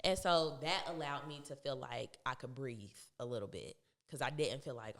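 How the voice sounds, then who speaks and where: A young woman speaking as a podcast guest, telling a personal story in a casual, animated way, often laughing and acting out what others said. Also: a bass voice, moderate pace, hardly any pauses. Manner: animated, laughs often, acts out quoted voices.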